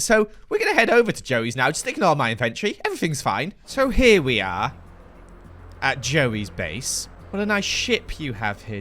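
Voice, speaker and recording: A man's voice: medium pitch, fairly bright tone. A man giving playful, mock-boastful commentary over his Minecraft let's-play, teasing his viewers. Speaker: gaming YouTuber.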